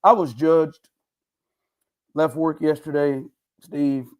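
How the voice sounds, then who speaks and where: A man's voice: fairly high pitch, takes it slowly. A man hosting a casual sports podcast, telling stories with playful mock indignation. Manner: animated storytelling, playful indignation. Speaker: podcast host.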